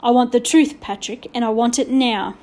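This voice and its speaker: Storybook role: a gruff, firm headmaster, read by a woman in a mellow, slightly high voice. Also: close to an everyday voice. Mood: stern. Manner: measured, firm, quietly stern. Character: stern, gruff middle-aged male headmaster. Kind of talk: storybook reading.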